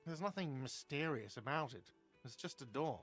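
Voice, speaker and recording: A man's voice: medium pitch, lively intonation, moderate pace, a bit bright, soft background music. A man voicing a grumpy, put-upon cafeteria manager in a video game, curt and sarcastic.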